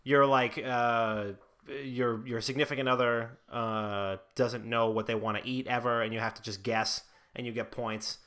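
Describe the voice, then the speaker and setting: A young man chats loosely on a gaming podcast, circling his point with fillers and laughing often. His voice has a bright, forward edge. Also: mid-range voice, flat delivery, moderate pace. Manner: rambling, laughs often, uses filler words. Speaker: podcast host. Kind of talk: casual podcast banter.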